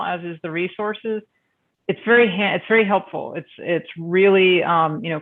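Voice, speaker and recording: A man walks colleagues through a survey spreadsheet on a video call, stumbling over his words with constant fillers and restarts. His voice sits a little high with a gravelly edge. The sound is narrow and phone-like. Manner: halting, many fillers and restarts. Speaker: meeting presenter. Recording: phone-like band-limited video call audio.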